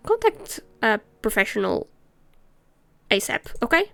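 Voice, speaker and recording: A woman's voice: on the high side, big pitch swings, a little slow, gravelly, pauses often, fairly bright tone, no echo. A woman streamer chatting casually and ranting while she reads game text aloud. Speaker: let's play streamer.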